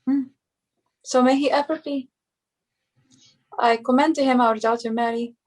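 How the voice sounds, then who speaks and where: A woman's voice: sits high, fairly even intonation, low-quality recording. A woman playing a weary dying queen. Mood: sorrowful. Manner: slow, tired, regal delivery. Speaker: stage actor. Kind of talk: Shakespearean stage acting.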